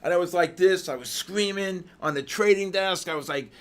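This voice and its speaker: A man hosting a live trading session, excitedly shouting out viewers' names with heavy market jargon, then dropping to weary muttering over questions. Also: measured pace, vocal fry, few pauses. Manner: drops to low, weary muttering while reading questions. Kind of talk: live trading-stream commentary.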